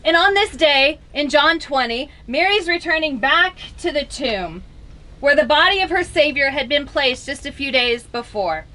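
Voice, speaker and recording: A woman's voice: high voice, bright, forceful tone, poor audio. A woman preaching a funeral sermon, telling a story expressively with wry humor and speaking directly to the mourners. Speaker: officiant at a funeral.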